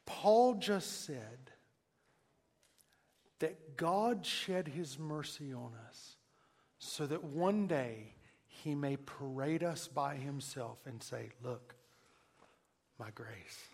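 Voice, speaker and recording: A man preaching a sermon, emphatic, moving between hushed and loud passages. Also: a little high, expressive, extremely slow. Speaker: pastor. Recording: long hall reverb.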